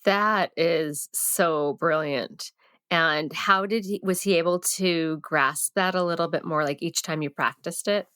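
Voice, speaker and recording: A woman hosting a podcast interview, warm and enthusiastic, laughing easily as she talks. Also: sits low, measured pace, smooth, no room sound, clean studio sound. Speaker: podcast host.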